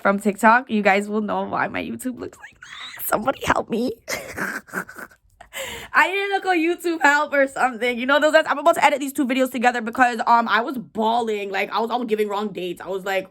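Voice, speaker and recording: A woman in her twenties talking to camera at home, rambling and candid with slang and dark jokes. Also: fairly high pitch. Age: 20s. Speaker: vlogger, widow. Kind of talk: casual talk to camera. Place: home room.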